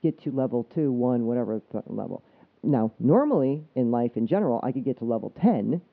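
A man's voice: medium pitch, expressive, gravelly. A man co-hosting a podcast, talking earnestly in a casual chat and often restarting his sentences. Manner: earnest, explaining, halting restarts. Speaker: podcast co-host. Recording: tinny phone-like sound.

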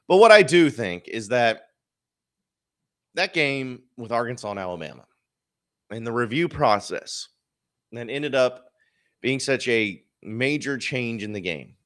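A man's voice: mid-range voice, expressive, unhurried, pauses often, a bit bright. Guy doing his sports podcast solo, chatty and opinionated, medium voice, wry little asides. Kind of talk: casual solo sports commentary.

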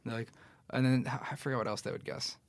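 A young man in his twenties, a podcast guest and actor, chatting casually and telling animated stories in which he quotes other people. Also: medium pitch, fast, vocal fry, dry recording. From New York City. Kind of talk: casual chat.

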